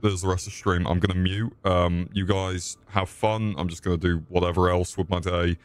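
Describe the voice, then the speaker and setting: A man's voice: deep voice, flat delivery, a little fast. A young man swearing and mocking himself while streaming a game. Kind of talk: crude live-stream commentary.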